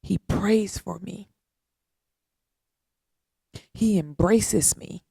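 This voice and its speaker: A woman hosting a podcast, giving a heartfelt, faith-based talk, speaking earnestly with repetition and long pauses. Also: medium pitch, vocal fry, warm tone, breathy edge, no echo, studio quality. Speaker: podcast host.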